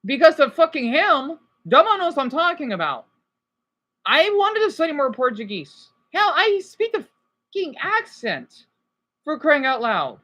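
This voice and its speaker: A woman's voice: high voice, very animated, measured pace, a bit bright, dull audio. A woman from Arizona with an American accent, ranting through a rambling livestream monologue on a basic home setup and pressing her points with repeated "okay?"s. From Arizona, USA. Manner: rambling, emphatic, keeps asking "okay?".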